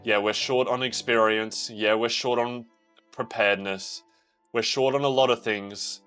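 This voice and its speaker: A young man reacting to a manga, reading panels aloud in a casual, excitable way, swearing freely and bursting into shouts. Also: mid-range voice, unhurried, clear, resonant tone, faint music behind. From Australia.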